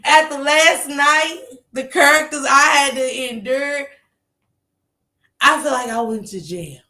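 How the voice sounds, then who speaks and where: A woman on a call, casually telling a story in animated fashion, laughing and swearing. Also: high-pitched, slow.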